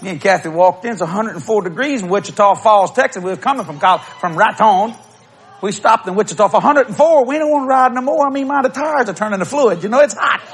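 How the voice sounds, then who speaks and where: A middle-aged man preaching a humorous storytelling sermon, acting out quotes and bursting into shouts and laughter. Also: high voice, animated, fast, slight background noise.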